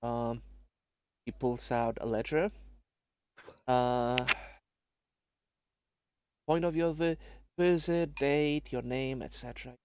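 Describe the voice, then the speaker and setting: A man narrating as game master, halting with many fillers. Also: mid-range voice, a little mellow, a little hiss or hum.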